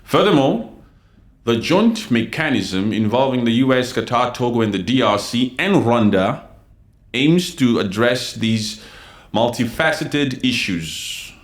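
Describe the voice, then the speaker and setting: A man from the DR Congo hosting a livestream, giving heated commentary and talking straight to his chat viewers. His delivery is forceful and he repeats himself a lot. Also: mid-range voice, lively intonation, a little slow. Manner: forceful, repetitive, addresses chat viewers directly. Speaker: livestream host.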